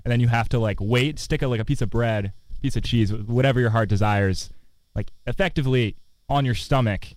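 A man's voice: medium pitch, brisk, a little mellow, dry recording. A young man in his twenties, a student co-hosting a campus radio show, chatting playfully and rambling with laughs. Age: 20s. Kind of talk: casual chat. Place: outdoors on a quad.

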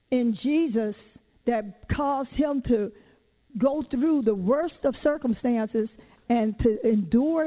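High-voiced woman preaching with lively folksy asides. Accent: Southern US. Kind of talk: sermon.

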